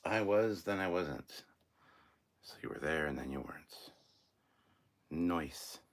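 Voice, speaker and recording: Very deep-voiced man hosting a live stream. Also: slow pace. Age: 40s. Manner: joking, reads viewer comments aloud. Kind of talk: casual live stream chat.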